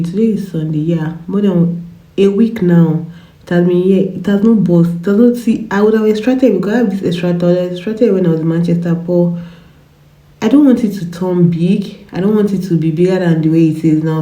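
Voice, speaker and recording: A woman's voice: lowish voice, warm tone, roomy sound. A woman in her twenties with a cough, chatting to camera, rambling and repeating herself. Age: 20s. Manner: chatty, rambling, repeats words, laughs often. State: has a cough. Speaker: vlogger. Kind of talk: casual chat to camera. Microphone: phone camera.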